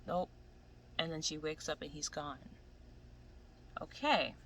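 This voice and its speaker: A woman's voice: sits low, slow, poor audio. A woman giving a casual, profane, exasperated rant about an anime she is watching. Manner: animated, profane, exasperated ranting. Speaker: anime commentator. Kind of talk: casual ranting commentary.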